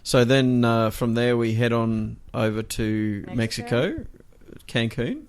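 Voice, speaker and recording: Aussie guy on a podcast, laid back, jokes a lot, mid pitch voice. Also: expressive, measured pace. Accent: Australian. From Australia. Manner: easygoing, joking, laughs often. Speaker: guest podcast co-host. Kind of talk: casual chat.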